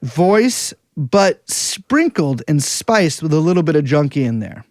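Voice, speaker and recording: Lively, high-pitched rambling man. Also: a little slow, no echo, clean studio sound. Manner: rambling, sardonic, digressive. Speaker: podcast co-host. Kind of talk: casual conversational podcast.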